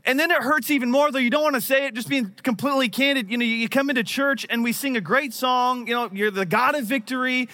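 A man's voice: extremely high pitch, quick pace, few pauses, pushed and bright. A man in his thirties preaching a sermon, telling a personal story in a conversational, self-deprecating way. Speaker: pastor.

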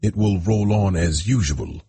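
A burly sergeant major speaks abruptly and harshly. The voice sits very low and gravelly, delivered slowly, by a man reading aloud. It sounds dark and rough, like a storybook character. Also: dry recording, exaggerated voice. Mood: gruff. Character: gruff male sergeant major, powerful and abrupt.

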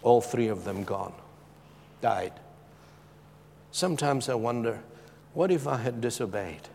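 A man's voice: medium pitch, expressive, a little slow, creaky, a little hiss or hum. Impassioned man preaching in a big hall. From Zimbabwe. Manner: impassioned, swinging from loud emphatic lines to hushed, soft ones. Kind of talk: sermon.

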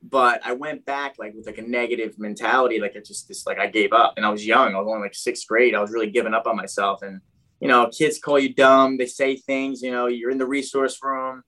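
A man from New Jersey tells his own story at a quick clip, the words tumbling out. His talk rambles and is packed with "like" and "you know". His voice sits at an ordinary middle pitch. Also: level tone, pushed and bright, rough recording. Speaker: guest telling his life story. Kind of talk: casual personal storytelling.

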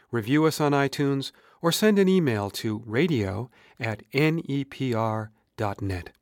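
A male podcast host reading a scripted outro in a measured announcer manner. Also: mid-range voice, dry recording, studio quality. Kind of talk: scripted radio narration.

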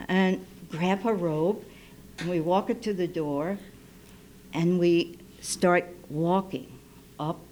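Woman storyteller on live radio, talks real slow, gets soft and hushed at times. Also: fairly low pitch. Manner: unhurried, intimate, drops to soft near-whispers when quoting. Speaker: storyteller, midwife. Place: radio station studio. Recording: live radio broadcast, faint noise.

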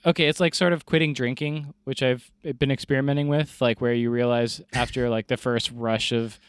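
A man's voice: mid-range voice, flat delivery, fairly quick, clear, resonant tone, no echo, clean studio sound. Rambling self-deprecating man in his forties. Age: 40s. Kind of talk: casual storytelling.

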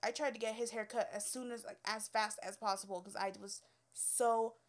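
A woman's voice: fairly high pitch, fairly even intonation, normal speed. Blunt young woman, casual storytelling. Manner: blunt and profane, with many filler words. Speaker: cosmetology student telling work stories.

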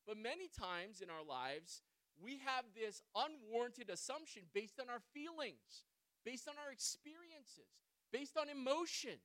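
A man preaching a sermon. He tells a personal story in an animated way, often checking in with listeners by asking "right?". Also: high-pitched. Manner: animated storyteller, swings between loud and quiet.

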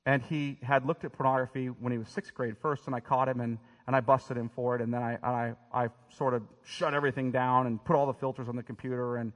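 A male pastor delivers a sermon in an emphatic, direct manner, doubling back on his words as he pushes each point home. His voice sits at an ordinary middle pitch. It rings out with a long reverb through a large church space. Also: little pitch movement. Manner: emphatic, direct preaching with quick repeated restarts. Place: church sanctuary.

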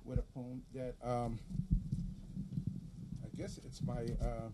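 A middle-aged man with an East Los Angeles Chicano accent, a poet at a live reading who speaks softly between poems and declaims his verse in strong rhythm. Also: mid-range voice, completely flat delivery, very noisy. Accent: East Los Angeles Chicano English. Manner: soft and halting when chatting, rising to forceful rhythmic declaiming in the poem.

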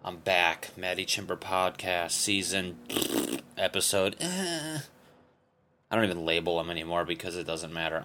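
A man's voice: sits low, sharp tone, a little hiss or hum. A young man from Connecticut hosting his own podcast, rambling through a profane, self-deprecating monologue. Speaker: podcast host and comedian. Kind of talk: casual solo podcast monologue.

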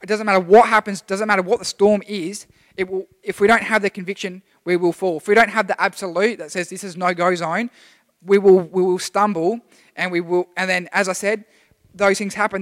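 High-voiced man preaching in a hall. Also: fairly even intonation, a little fast, fairly bright tone. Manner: chatty, rambling, with many restarts. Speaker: youth preacher. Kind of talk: casual sermon. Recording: long hall reverb.

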